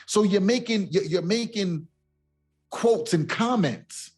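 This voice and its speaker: A man's voice: high-pitched, slow pace, a little mellow, slightly rough. A middle-aged man co-hosting a casual podcast, talking emphatically and streetwise, often asking if you see what he's saying. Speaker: co-host.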